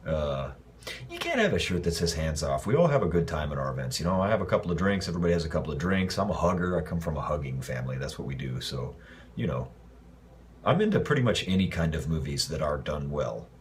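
A man from Los Angeles casually answering fan messages in a livestream, rambling and relaxed with lots of fillers. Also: rumbling low, quick pace, a little hiss or hum. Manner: laid-back, rambling, loose with fillers. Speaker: actor answering fans.

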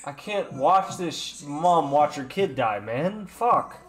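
A young man streaming his live reaction to a musical, excitable, emotional and swearing often. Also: on the high side, takes it slowly, soft background music.

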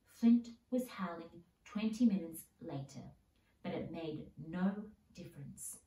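Lady reading a storybook, steady, mellow, echoey room. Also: on the low side, takes it slowly. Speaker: reader. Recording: roomy sound, mic at a distance.

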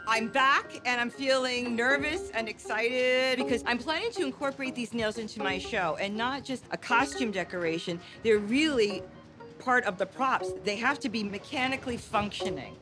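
A woman client who works as a magician, excitable and gushing as she talks in a salon. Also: on the high side, moderate pace, music in the background. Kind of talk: reality show chat.

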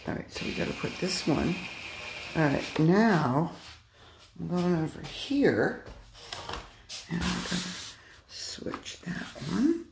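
Low-voiced woman hobbyist, slow and fretful commentary, echoey noisy room. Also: sing-song, vocal fry. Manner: exasperated, muttering to herself. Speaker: model railroad hobbyist. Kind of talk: casual running commentary. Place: indoor room with model train layout. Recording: echoey room with background noise.

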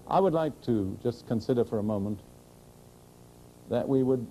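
Dark-voiced preacher delivering an earnest sermon. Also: male voice, fairly low pitch, a little hiss or hum, low-quality recording. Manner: earnest, direct, rhetorical questions to the congregation; slows and rises to proclaim scripture.

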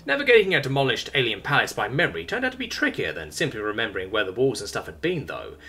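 Expressive male audiobook narrator. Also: medium pitch, fast, slight background noise. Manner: expressive, wry storytelling.

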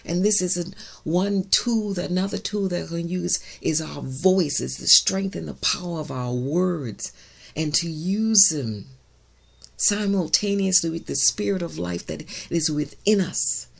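A woman minister preaching a sermon in an emphatic, loud way. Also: lowish voice, a little slow, gravelly. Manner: emphatic, says she is loud, shouts key words.

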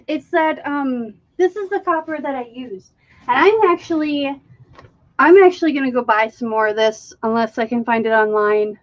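A woman from Minnesota with a Minnesotan accent, chatting excitedly on her art live stream and calling everyone dude. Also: high-pitched, no room sound, highs cut off. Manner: chatty, excitable, says dude and y'all often. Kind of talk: casual live stream chat.

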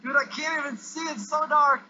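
A high-pitched male gamer with a bright, sharp voice commenting on his play. He is excitable, yelping and groaning as things go wrong. The recording is dull and lo-fi with a faint hiss underneath. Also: moderate pace. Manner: excitable, yelps and groans at the game.

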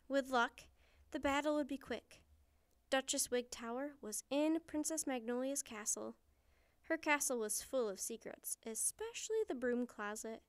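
High, clear-voiced woman reading a storybook. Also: animated, measured pace, dry recording, studio quality. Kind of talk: children's storybook read-aloud.

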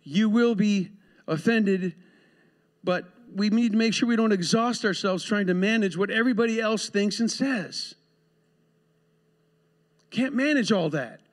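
A man's voice: high voice, lively intonation, a little slow. A man preaching to his church congregation in a conversational style, with playful asides and acted-out dialogue. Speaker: pastor. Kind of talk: sermon. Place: church sanctuary.

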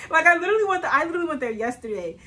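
A woman's voice: very high voice, pushed and bright, slight background noise, poor audio. A young woman, chatting casually to camera as a vlogger, telling stories with lots of fillers and frequent laughter. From Southern United States. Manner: chatty storytelling, laughs often, many fillers.

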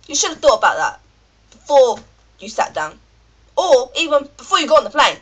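A woman's voice: high-pitched, big pitch swings, a little fast, low-quality recording. A British woman with a cold, ranting in a rambling, chatty vlog full of fillers. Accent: British English. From Britain. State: has a cold. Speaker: vlogger.

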